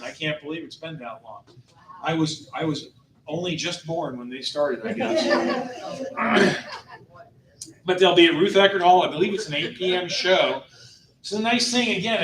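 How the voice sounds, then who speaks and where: A man in his fifties hosting a travel club meeting, announcing upcoming trips in a jokey, upbeat way and laughing between items. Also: on the high side. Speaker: tour company host. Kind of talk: casual club presentation. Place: meeting room. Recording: echoey room from far off.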